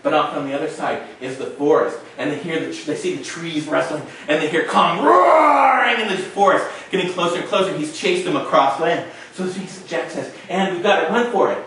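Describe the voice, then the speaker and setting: A male storyteller performing a tale dramatically, with shouted sound effects. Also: on the high side, lively intonation, brisk, few pauses, a little hiss or hum. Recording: echoey room, mic far off.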